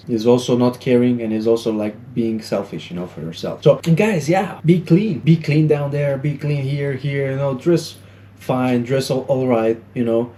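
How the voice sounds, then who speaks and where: A man's voice: medium pitch, fairly even intonation, normal speed, mellow, slight background noise. A man giving casual, rambling relationship advice to camera, often acting out quoted lines and leaning on "you know". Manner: acts out little quoted dialogues. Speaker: dating advice vlogger.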